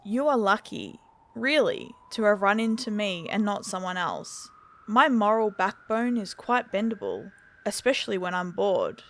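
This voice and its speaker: A bored and menacing unkillable man who talks down with cool scorn, as a woman narrating a spooky story reads his lines. His threats come out calm and unhurried, mid-pitched and level.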